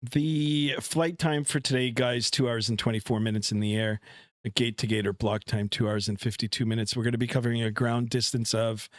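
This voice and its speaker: A man's voice: medium pitch, brisk, no room sound. A middle-aged man talks casually into a headset mic, rambling through his setup with lots of "uh"s. His voice is dry and close, with no room around it. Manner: relaxed, rambling, many fillers. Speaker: flight sim streamer. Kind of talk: casual live-stream chat. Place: home room.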